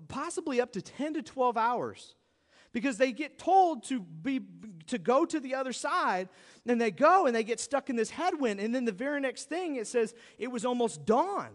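A man preaching a sermon, telling the story in an animated, conversational way. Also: very high voice. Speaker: pastor. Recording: long hall reverb.

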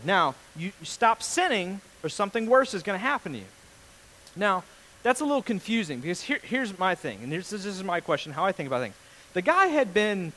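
Animated, high-voiced male pastor. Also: low-quality recording. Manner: animated storyteller, acts out voices, jokey. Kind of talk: casual sermon.

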